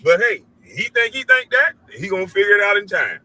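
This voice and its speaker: A middle-aged man rants into his show with a high, bright, cutting voice. He swears freely and preaches at his listeners. Now and then he mimics other people in an even higher voice. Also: fairly quick, poor audio. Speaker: show host. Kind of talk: heated commentary rant.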